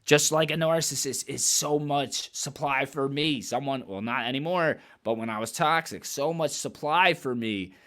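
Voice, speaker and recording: Speaking at a moderate pace with few pauses, this vlogger has a medium, somewhat bright voice. His casual commentary is blunt and forceful, full of swearing and repeated phrases that drive his argument home.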